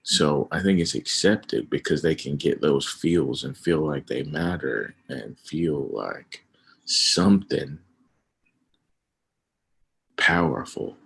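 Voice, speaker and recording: Deep gravelly husky man. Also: slow. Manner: emphatic, rising to loud outbursts. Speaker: livestream host. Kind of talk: casual opinion chat on a livestream.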